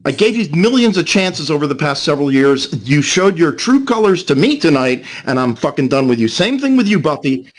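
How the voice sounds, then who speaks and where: A man's voice: fairly high pitch, big pitch swings, brisk, few pauses. A man from New Jersey ranting angrily and profanely at people over voice chat. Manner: angry, profane, berating. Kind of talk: voice chat rant.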